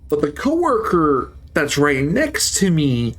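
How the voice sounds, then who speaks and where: A man's voice: a little high, huge pitch swings, takes it slowly, few pauses, fairly bright tone. A man streaming, telling a story in a casual, heated, profane way.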